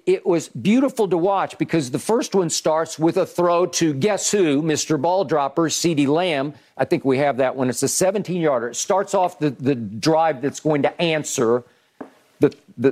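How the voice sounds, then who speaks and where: A man's voice: fairly high pitch, moderate pace, darkish tone. Emphatic sports talk host, man. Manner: emphatic, repeats words at starts, rhetorical questions. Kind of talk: animated football analysis chat.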